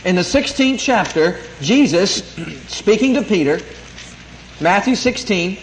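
A man's voice: high voice, expressive, slow pace. A man preaching a sermon, emphatic and calling out for amens as he teaches. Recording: echoey room, faint noise.

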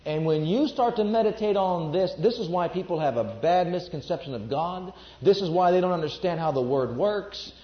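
A man's voice: high-pitched, animated, moderate pace, few pauses. A man preaching a sermon to a congregation, emphatic and repeating his declarations. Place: church before a congregation. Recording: echoey, dull lo-fi recording.

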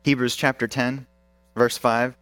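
A man's voice: medium pitch, little pitch movement, measured pace, a bit bright, clean tone, dry recording. A male pastor preaching a sermon with emphasis, asking the congregation questions.

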